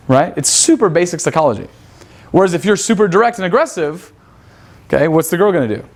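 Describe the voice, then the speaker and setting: A man's voice: sits high, animated, fast talker. A man teaching a seminar class in a crude, profane manner. He quizzes his students and acts out pickup lines. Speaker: seminar instructor.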